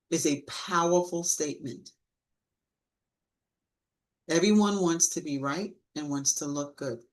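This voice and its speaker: Woman, sales trainer, animated coaching talk, acts out client lines. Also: deep voice, poor audio.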